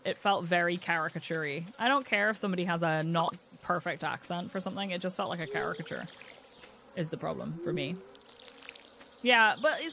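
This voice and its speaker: A woman streamer from the UK chatting casually while she plays, thinking aloud and cooing brightly at the game's animals. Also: lowish voice, background noise. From United Kingdom. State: has the hiccups. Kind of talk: casual live-stream gameplay chat. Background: game music.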